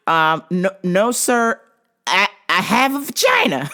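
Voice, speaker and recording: Animated young woman telling a funny story. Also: fairly low pitch, slow pace. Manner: lively, laughing, swearing, animated. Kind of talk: comic storytelling.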